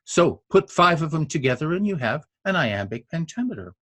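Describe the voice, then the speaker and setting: Older man, poetry podcast host, enthusiastic lecture, husky, fairly high voice. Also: very animated, normal speed, a bit bright, no room sound. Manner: enthusiastic, scats rhythms aloud with many uhs. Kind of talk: spoken lecture on poetic meter.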